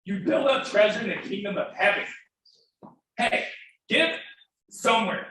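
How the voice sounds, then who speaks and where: Speaking a little slowly in a bright, forceful, high-pitched voice with lively intonation, this fundraiser urges a live audience to give, fervent and emphatic and sometimes overcome with emotion. He's captured from a distance in a very echoey hall with faint noise.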